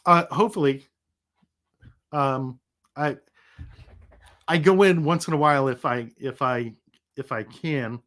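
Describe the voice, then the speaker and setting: Middle-aged male stream host, recovering from illness, loose rambling chat, mid-pitched voice. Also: a little slow, long pauses, fairly bright tone. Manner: rambling, chatty, laughs easily. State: sick, recovering. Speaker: livestream host. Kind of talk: casual livestream chat.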